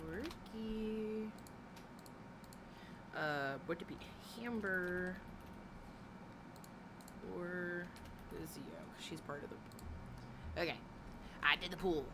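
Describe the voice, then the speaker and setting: A woman hosting a livestream, ranting and gossiping bluntly and sarcastically with lots of swearing. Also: lowish voice. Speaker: livestream host. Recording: noisy background.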